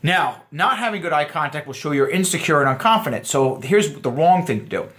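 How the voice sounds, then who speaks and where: A man's voice: a little high, expressive, brisk, a bit bright. A young man teaching a casual dating lesson in a chatty, joking way, full of fillers and asides. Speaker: dating coach.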